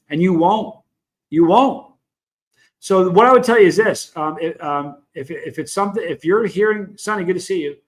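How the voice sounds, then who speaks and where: A man's voice: sits high, normal speed. A middle-aged man with a Southern US accent, hosting a casual livestream, talking frankly and rambling while greeting viewers in the chat. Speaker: livestream host.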